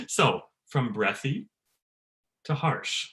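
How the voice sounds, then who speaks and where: A man, a bass-baritone voice teacher, leading an online workshop for choir singers, laughing often and demonstrating sounds. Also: lively intonation, moderate pace. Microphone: video call.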